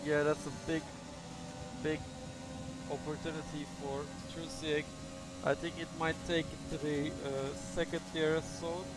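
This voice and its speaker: A man commentates a sim racing event in a loose, unscripted way, hedging and trailing off as he follows the cars. His voice sits a little high for a man. Clear music plays under him the whole time. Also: level tone, a little slow. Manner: casual, hesitant, thinking aloud. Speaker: race commentator. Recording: music playing behind.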